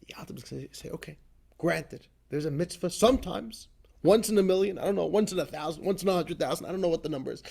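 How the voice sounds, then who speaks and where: A man, a rabbi, giving an animated class on a religious text, often repeating himself and swelling into loud emphatic bursts. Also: fairly high pitch, quick pace, gravelly, breathy edge. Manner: rises to loud emphatic bursts when quoting, laughs often; repeats words and restarts phrases while thinking. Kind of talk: animated Torah class lecture.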